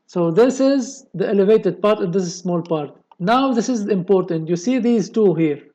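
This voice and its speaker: A man's voice: high-pitched, lively intonation, warm tone, highs cut off. A man with a delivery, explaining a technical drawing step by step in a screen-recorded tutorial. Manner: slow, step-by-step explaining with many okays. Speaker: engineering tutorial presenter.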